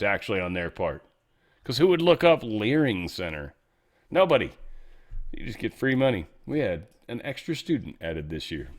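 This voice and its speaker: Man, lowish voice, sarcastic, cussing, ranting casual news commentary. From California. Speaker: show host.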